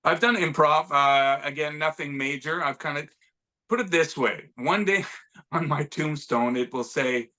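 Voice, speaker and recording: A man's voice: on the high side, a little slow, bright, forceful tone. A middle-aged man from Montreal, an actor chatting as an interview guest, self-deprecating and full of restarts. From Montreal, Canada. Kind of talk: casual interview conversation.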